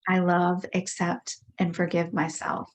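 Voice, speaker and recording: A woman guiding a tapping exercise in slow, measured phrases. Her voice sits low and stays fairly flat, each line spoken deliberately and repeated. The delivery is calm and unhurried even while naming frustration. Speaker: EFT tapping practitioner.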